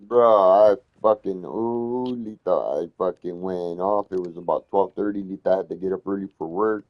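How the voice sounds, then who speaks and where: A man telling a heated story in casual conversation, swearing constantly and getting loud when he retells arguments. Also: deep voice, moderate pace, highs cut off.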